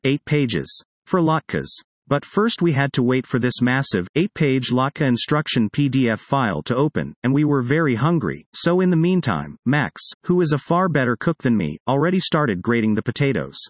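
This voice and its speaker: A man narrates a personal essay with wry, expressive timing. His mid-pitched voice moves through a wide, lively range. The sound is dry and close, with no room around it. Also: moderate pace, few pauses, dry recording. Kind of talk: reading a personal essay aloud.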